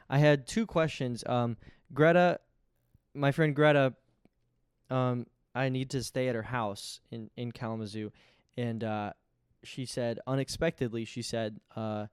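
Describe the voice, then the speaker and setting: A man's voice: mid-range voice, steady tone, a little slow, clean tone, no echo. Young man, podcast host, rambling casual monologue, self-deprecating, dry close sound. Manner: rambling and tangential, often restarting sentences.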